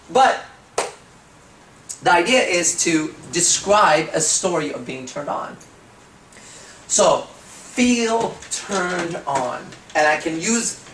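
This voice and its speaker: Guy coaching, swears a lot, drifts into slow trancey patter, mic far off, faint hiss. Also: a little high, fairly bright tone. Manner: profane, storytelling, slows into hypnotic suggestion. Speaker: dating coach. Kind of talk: seminar talk. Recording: echoey room from far off.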